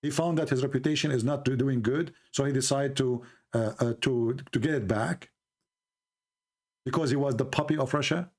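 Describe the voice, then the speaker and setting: A man's voice: mid-range voice, moderate pace. A man giving argumentative commentary, telling a folk tale and mocking his opponents as he acts out their voices.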